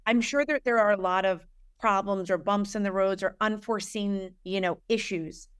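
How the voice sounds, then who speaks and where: A woman's voice: medium pitch, moderate pace, clean tone. A woman podcast host asking probing, conversational questions. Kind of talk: casual interview chat.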